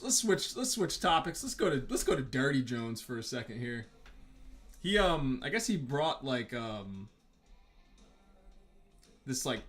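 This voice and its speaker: Drawing as he goes, this man meanders through profane, filler-laden stories in a casual vlog about his art. He has a slightly high, fairly bright voice.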